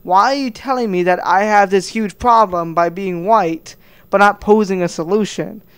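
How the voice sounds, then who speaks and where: A man's voice: high voice, normal speed, a bit bright, clean tone. A man giving heated, crude reaction commentary, stammering through many restarts. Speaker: commentary vlogger.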